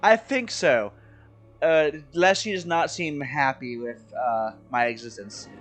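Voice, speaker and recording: A man's voice: medium pitch, takes it slowly, a bit bright, soft background music. A man from Maryland chatting casually with his viewers while streaming a game, rambling and self-deprecating. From Maryland, USA. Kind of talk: casual live-stream chat while playing.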